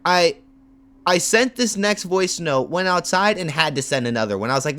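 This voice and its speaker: A man's voice: a little high, lively intonation, moderate pace, fairly bright tone. A man streaming live as an MMA content creator, telling a grievance story in a heated, profane rant. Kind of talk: livestream rant.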